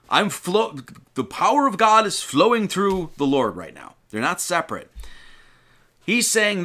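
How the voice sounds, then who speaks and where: Animated, bright-voiced male preacher. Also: mid-range voice. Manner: animated teaching, rhetorical questions, quoting scripture. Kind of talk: sermon.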